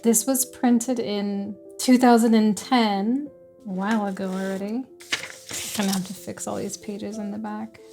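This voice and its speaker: A woman's voice: mid-range voice, flat delivery, unhurried, dark tone, soft background music. Chatty giggly woman unboxing books. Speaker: book vlogger. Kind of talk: casual unboxing chat.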